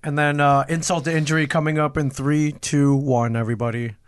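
Loose-talking man, slightly high voice. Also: level tone, brisk, smooth. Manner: loose, crude banter. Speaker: podcast co-host. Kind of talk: casual movie commentary.

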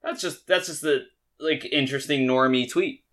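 A man co-hosting a podcast in easy, casual chat. His voice rings bright and forward, and he rambles along in an animated, joking manner. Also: medium pitch, normal speed. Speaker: podcast co-host.

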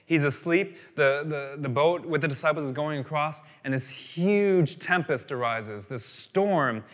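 A man delivers a sermon in an animated storytelling manner. He rises to loud emphatic lines and then drops to soft, quiet asides. His voice has a middle pitch and rings out with a long reverb from the hall. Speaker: pastor.

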